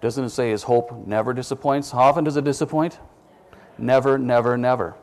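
A man's voice: medium pitch, quick pace, a little mellow. A man preaching a sermon in a conversational way, quizzing his listeners with questions and dropping self-deprecating asides.

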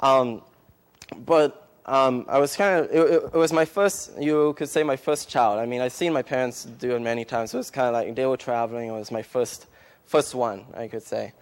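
In a church service, a missionary recounts an emotional testimony and then starts a sermon, speaking haltingly with many restarts and fillers. His voice is mid-range with a clean tone.

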